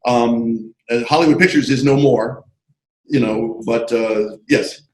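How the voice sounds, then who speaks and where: A man being interviewed about his screenwriting career, telling animated, digressive stories full of asides over a video call. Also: medium pitch, unhurried, reverberant, poor audio. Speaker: interview guest, screenwriter and comic artist. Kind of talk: casual anecdotal storytelling.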